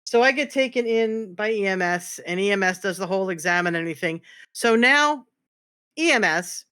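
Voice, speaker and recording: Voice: medium pitch, animated, moderate pace, bright, forceful tone, clean tone. A streamer casually recapping a roleplay scene with lots of swearing, restarts and emphatic repeats.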